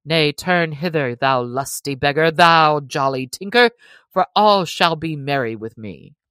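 A woman reading aloud and voicing a big, hearty male yeoman who is slow to anger, speaking in booming old-fashioned English. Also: animated, sharp tone, no room sound, full character voice. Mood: jovial.

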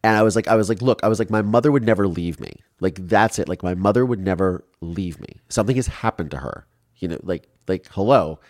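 A man in his forties from Ohio, telling his life story in an interview in an animated way, acting out quotes and restarting often. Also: sits low, fast, no echo, clean studio sound. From Ohio, USA.

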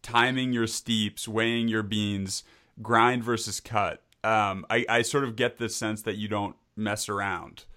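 Upbeat male podcast host, low voice. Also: steady tone, unhurried, sharp tone. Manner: upbeat, conversational with fillers. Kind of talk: podcast interview.

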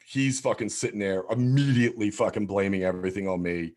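A man in his thirties tells a rowdy story in loose, profane chat. His voice sits a little low, and he acts out what everyone said. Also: brisk. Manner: animated, swears constantly, acts out quotes.

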